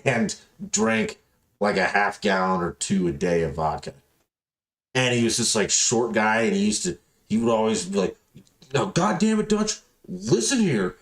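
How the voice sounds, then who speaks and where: A man's voice: on the low side, moderate pace, creaky. A man hosting a podcast, telling rambling, profane stories in casual chat and acting out the people in them. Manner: rambling, profane, animated storytelling with voiced quotes. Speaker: podcast host.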